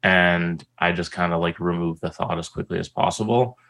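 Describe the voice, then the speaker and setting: A man's voice: low-pitched, normal speed, vocal fry, poor audio. A young man telling a story as an interview guest, casual and profane, with lots of "like"s. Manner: profane, animated storyteller with many "like"s.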